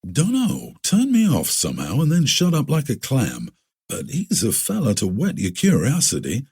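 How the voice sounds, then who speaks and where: A man's voice: mid-range voice, huge pitch swings, normal speed, darkish tone, breathy edge, pitched above the performer's own voice, heavily acted. A man voicing a seasoned frontier man who explains things in a confiding, storytelling way.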